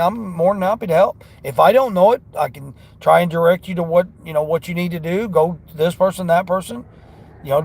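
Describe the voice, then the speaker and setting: Brief: gravelly, slightly high-voiced man, rambling motivational talk from his car. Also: a little mellow. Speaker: delivery driver vlogger. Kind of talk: casual talk while driving.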